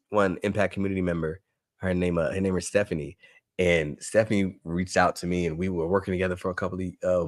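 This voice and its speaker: A man's voice: low-pitched, no echo, clean studio sound. A man leading a live online teacher workshop, upbeat and eager, often repeating himself and asking the audience rhetorical questions. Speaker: education workshop presenter.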